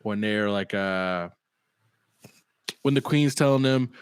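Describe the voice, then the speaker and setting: A man's voice: fairly low pitch, slow pace, clean tone, dry recording. A man co-hosting a podcast, chatting casually and rambling through a show recap while laughing often. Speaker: podcast co-host. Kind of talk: casual chat.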